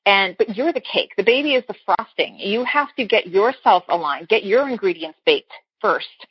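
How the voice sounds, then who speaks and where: A woman with a husky, slightly breathy voice talks earnestly as a guest coach. She explains her points with homely comparisons and often restarts her sentences. The sound is dry and a little dull and lo-fi. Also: mid-range voice, expressive, normal speed, no room sound. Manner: earnest, explains with everyday analogies, frequent restarts. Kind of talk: casual interview chat.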